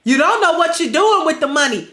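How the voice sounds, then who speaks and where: Congested woman with a high voice, roomy sound. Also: sing-song, a little fast, bright, forceful tone. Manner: blunt, preachy, colloquial. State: congested, stuffy nose. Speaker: livestream host. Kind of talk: opinionated livestream commentary.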